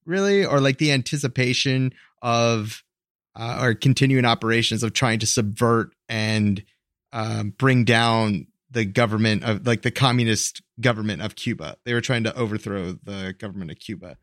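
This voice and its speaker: A man's voice: on the low side, moderate pace, a bit bright, dry recording, studio quality. A man co-hosting a podcast, explaining a history topic in a rambling, hesitant way, full of fillers and self-corrections. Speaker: podcast co-host. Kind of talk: casual explanatory chat.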